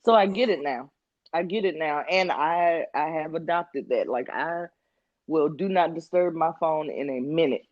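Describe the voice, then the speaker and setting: A woman's voice: sits low, moderate pace, no room sound. Chatty woman, muffled dry sound. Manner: animated storyteller, laughs often, mimics friends. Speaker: podcast co-host. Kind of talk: casual chat.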